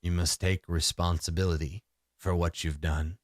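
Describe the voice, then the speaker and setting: A man voicing a huge antlered male forest spirit with a deep, resonant voice and slow, grave speech in a solo tabletop game. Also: level tone, dry recording, studio quality, natural voice. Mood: solemn.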